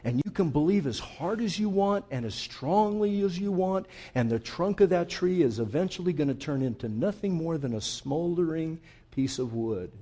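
A pastor delivers a sermon in a fairly high voice. He talks to the congregation like friends, calling them folks. He drops to hushed intensity, then rises to loud emphasis. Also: lively intonation, normal speed. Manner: conversational preaching, addresses listeners as folks; shifts between quiet intensity and loud emphasis.

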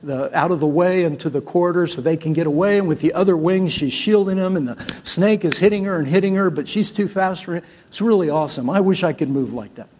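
High-voiced impassioned male preacher. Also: quick pace, few pauses. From Syria. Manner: impassioned, swings from loud exhortation to soft storytelling. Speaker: pastor. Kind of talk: sermon.

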